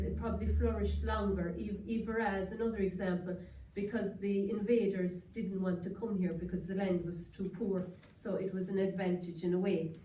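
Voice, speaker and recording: A woman with a soft, mellow Kerry Irish accent gives a chatty, anecdotal talk to a gathered audience. She is picked up from some distance, so her voice rings around a reverberant room. A faint hiss sits under the recording. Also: mid-range voice. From Ireland. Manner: chatty, anecdotal, quoting sayings. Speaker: guest lecturer. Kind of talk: public talk. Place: lecture room, indoors.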